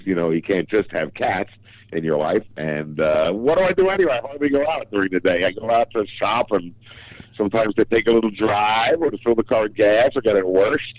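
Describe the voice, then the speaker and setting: An older man calling in, chatting in a jolly, self-mocking way with quick asides. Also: fairly low pitch, low-quality recording. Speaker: caller, working comedian. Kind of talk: casual phone chat.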